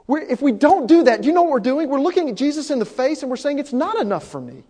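A pastor preaching an impassioned sermon, swinging from hushed, intimate passages to loud, urgent peaks. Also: male voice, extremely high pitch, animated, fast. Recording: long hall reverb.

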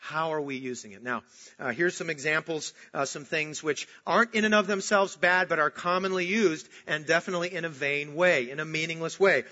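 A man preaching a sermon, emphatic, swinging from loud outbursts to slow, hushed stresses. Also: on the high side. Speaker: pastor. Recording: dull lo-fi recording.

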